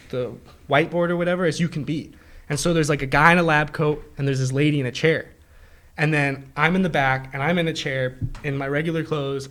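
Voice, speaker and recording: A young man telling a long dream story in casual chat with friends, animated and laughing often, acting out the voices of the people in it. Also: a little high. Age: young adult. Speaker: host.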